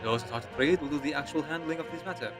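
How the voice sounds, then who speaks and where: A man putting on an older French-accented official, measured, music behind. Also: on the high side, natural voice. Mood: reassuring. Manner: put-on French accent, reading game dialogue aloud. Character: older male official, calm and dryly patient.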